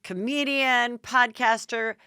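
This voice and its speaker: Bright-voiced woman hosting a chatty podcast. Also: on the high side, steady tone, takes it slowly, clean tone, no echo, studio quality. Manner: chatty, storytelling, laughs easily. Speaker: podcast host. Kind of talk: casual chat.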